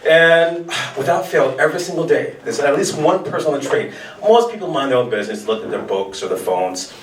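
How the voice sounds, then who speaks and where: A man's voice: a little high, animated, fairly quick. An American man in his thirties doing a stand-up set in a restaurant, loose and punchy with casual swearing. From United States. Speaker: stand-up comedian. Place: restaurant showcase stage. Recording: echoey room from far off, light noise.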